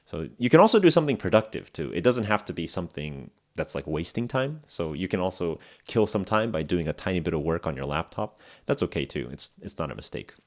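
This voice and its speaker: Man, young adult, low pitch, animated intonation, casual podcast teacher, chatty. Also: a little fast, few pauses. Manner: relaxed, chatty, lots of fillers and acted examples. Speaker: English podcast host and teacher. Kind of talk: casual spoken English lesson.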